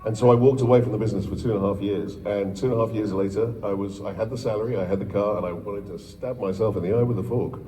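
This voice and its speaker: A man's voice: on the low side, steady tone, fast talker, few pauses, mellow, slight background noise. British man telling stories in an echoey hall. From England. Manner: rambling, self-deprecating, with many restarts. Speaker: panel guest, voice actor. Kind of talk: anecdotal storytelling on a panel. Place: large convention hall, filmed from the audience. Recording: distant, echoey convention hall recording.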